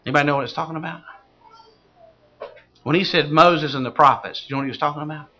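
A man's voice: on the high side, fairly even intonation, quick pace, pushed and bright, lo-fi sound. A man preaching a sermon as pastor. He questions the congregation and builds to fervent exclamations.

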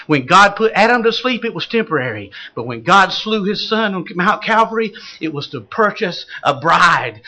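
Male pastor preaching. High, animated voice that questions the flock and rises to fervent exclamations. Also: normal speed, hardly any pauses, low-quality recording. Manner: asks the congregation questions and builds to fervent exclamations. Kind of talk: sermon.

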